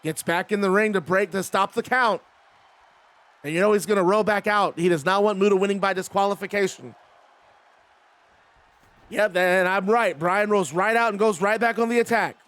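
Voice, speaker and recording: A man's voice: sits high, moderate pace, long pauses, a bit bright. A man streaming a wrestling video game, giving play-by-play commentary and chatting with viewers in between.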